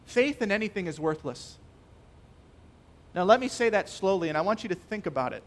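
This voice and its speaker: A man preaching a sermon, emphatic and stressing key phrases by slowing down. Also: high-pitched, expressive.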